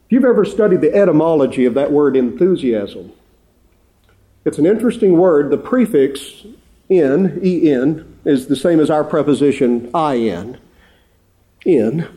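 A man's voice: a little high, warm tone. A middle-aged man preaching a sermon, earnest and rising to fervent appeals to his congregation.

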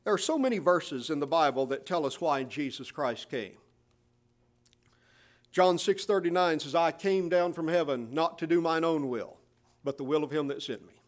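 Emphatic preaching man, slightly high voice. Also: lively intonation, moderate pace. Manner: emphatic preaching, quoting scripture in King James wording. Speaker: pastor. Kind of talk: sermon.

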